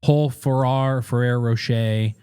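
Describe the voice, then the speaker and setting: A man talks candidly as a podcast guest, telling stories in a blunt, swear-heavy way. His voice sits at an ordinary middle pitch. The sound is dry and close, with no room echo. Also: fairly even intonation, warm tone, smooth. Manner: blunt, profane, brisk anecdote-telling. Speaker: food content creator and podcast guest. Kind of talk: casual interview storytelling.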